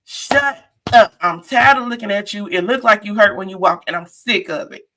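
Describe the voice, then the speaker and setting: A woman's voice: mid-range voice, fairly quick, bright, forceful tone. A woman giving a chatty, sassy live-stream recap of a reality show, talking straight to her viewers.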